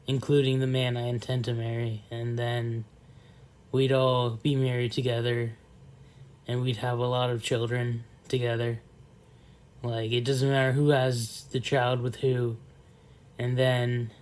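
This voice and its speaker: A man talking to the camera in a slow, soft, rambling monologue, trailing off often and filling gaps with pauses. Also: medium pitch. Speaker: vlogger.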